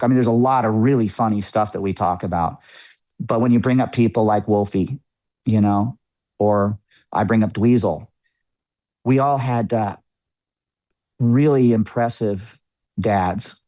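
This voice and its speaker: Man, middle-aged, low voice, earnest reflective storytelling, dry close sound. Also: mellow, dry recording. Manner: earnest, reflective, chatty with frequent fillers. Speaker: podcast guest, musician. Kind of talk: candid interview storytelling.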